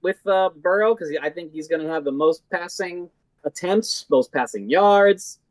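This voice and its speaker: Male podcast guest, halting casual delivery, dry recording. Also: high voice, no echo, poor audio. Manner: hesitant, halting, with many fillers and restarts. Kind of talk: casual fantasy football chat.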